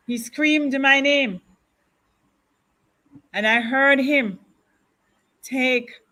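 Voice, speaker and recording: Slow-speaking grieving woman. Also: fairly high pitch, bright, forceful tone. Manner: slow, grieving, deliberate retelling with repetition. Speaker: widow of a councillor, guest. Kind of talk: emotional interview testimony.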